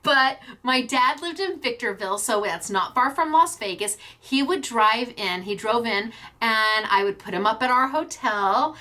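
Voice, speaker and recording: A middle-aged woman hosting a craft class, telling a casual anecdote as a lively storyteller who laughs often. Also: on the high side.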